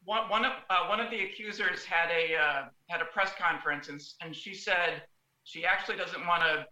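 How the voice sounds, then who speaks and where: A man on a podcast panel explaining a story haltingly, with many restarts. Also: high-pitched, pushed and bright, reverberant, poor audio. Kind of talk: casual chat.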